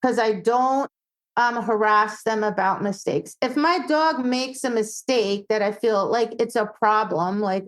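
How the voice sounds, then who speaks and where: A woman dog trainer chats as a podcast guest, her voice sitting a little higher than most. She tells stories with lots of life and slips into playful quoted voices. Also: measured pace, low-quality recording. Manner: animated storytelling, acts out quoted voices. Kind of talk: casual podcast chat.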